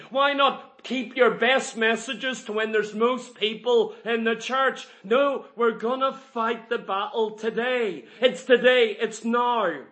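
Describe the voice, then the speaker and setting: A man preaching a sermon to a congregation, emphatic and full of rhetorical questions, building to loud peaks. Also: extremely high pitch, slow, few pauses.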